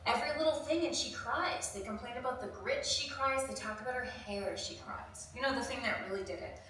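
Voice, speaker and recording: An actress playing a chatty diner employee who tells animated stories about her coworkers. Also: on the high side, brisk, a little hiss or hum. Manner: animated, storytelling, laughing easily. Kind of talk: audio drama acting. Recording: distant echoey room.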